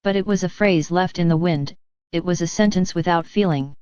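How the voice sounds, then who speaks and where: A woman delivering a channeled spiritual message, speaking gently and patiently to her listeners. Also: on the low side, moderate pace, clean tone, dry recording, muffled recording. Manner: gentle, patient, addresses listeners as dear ones.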